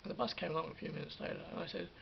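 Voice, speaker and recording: A man casually recounting a story for a vlog, animated, restarting his sentences and acting out what people said. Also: fairly high pitch, rapid-fire, creaky. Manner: animated retelling with acted-out quotes and many restarts. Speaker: vlogger. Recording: dull lo-fi sound with faint hiss.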